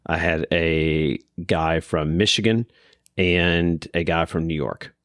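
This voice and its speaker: A man with a Kentucky accent hosts a casual podcast from an office room, talking in a loose, rambling, self-deprecating way. His voice sits low, and the recording is dry and close. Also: fairly even intonation, slow pace, fairly bright tone, no room sound. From Kentucky, USA. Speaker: podcast host.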